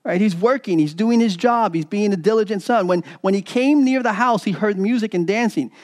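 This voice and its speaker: A man's voice: sits high, fairly quick, darkish tone. A man preaching a sermon as pastor, retelling a parable with repeated words and acted-out quoted lines. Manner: preaching with repetitions, acting out quoted voices.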